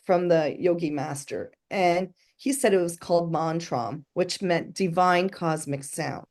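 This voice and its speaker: Speaking at a measured pace in a low, slightly mellow voice, a middle-aged woman shares her story sincerely as an interview guest. She quotes the people in it, acting out their voices as she goes.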